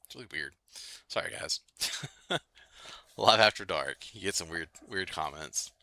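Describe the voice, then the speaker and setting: A man with a deep but bright, forward voice talks loosely to his chat on a late-night livestream. He rambles, restarts and laughs easily, filling gaps with likes and ums. The sound is dry and close, with no room around it. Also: animated, a little slow, no echo. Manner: loose and chatty, lots of fillers, laughs often. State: itchy nose. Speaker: livestream host. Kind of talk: casual gaming livestream chat.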